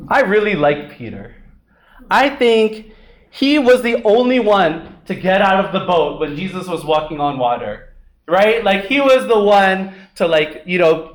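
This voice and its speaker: A young man preaching a sermon in a conversational way, with asides like "right?", in an echoey room. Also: sits high.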